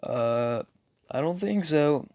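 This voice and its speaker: Calm eerie skeleton, put on by a man, low and soft, dry sound. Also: slow pace, no echo.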